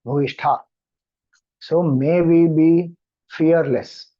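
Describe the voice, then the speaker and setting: A man with an Indian English accent giving a scripture discourse, chanting mantras slowly and then explaining them. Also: fairly high pitch, fairly even intonation, dull audio. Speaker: spiritual teacher.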